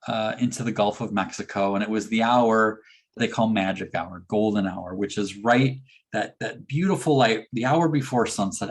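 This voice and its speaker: Husky and medium-pitched, a motivational speaker's voice carries a keynote story in which he acts out the dialogue with animated flair.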